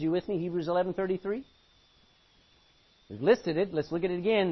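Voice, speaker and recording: A pastor preaching a sermon, reading scripture dramatically and asking the congregation rhetorical questions. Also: male voice, sits high, fairly quick, pauses often, breathy edge, highs cut off.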